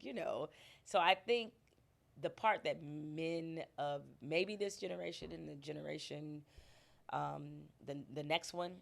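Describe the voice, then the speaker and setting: A woman's voice: sits low, gravelly. A middle-aged woman speaking candidly and emphatically as a podcast guest, laughing often. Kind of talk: casual interview conversation.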